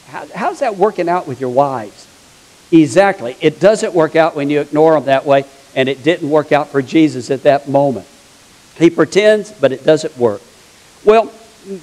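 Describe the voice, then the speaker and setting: A man's voice: a little high, a little mellow, poor audio. A man preaching a sermon as a pastor, telling stories in a chatty, humorous way. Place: church sanctuary.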